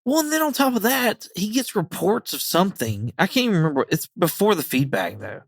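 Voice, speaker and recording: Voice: mid-range voice, fairly quick, creaky, breathy edge, dry recording, clean studio sound. A co-host on a movie podcast, chatting casually and wryly, acting out scenes while mocking them. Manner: wry, lively, quoting scenes mockingly. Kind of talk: casual movie review chat.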